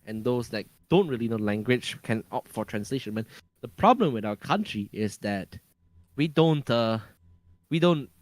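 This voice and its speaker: A Malaysian man with a Malaysian English accent talks casually as a podcast guest, often hunting for words, restarting sentences and using lots of fillers. His medium-pitched voice has lively intonation at a moderate pace, with no room sound.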